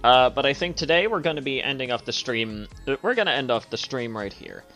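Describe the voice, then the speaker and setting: A young man with a medium-pitched, expressive and fairly bright voice talks briskly during a casual livestream, reacting to a video with profanity, lots of fillers and hearty laughs. Soft music runs in the background.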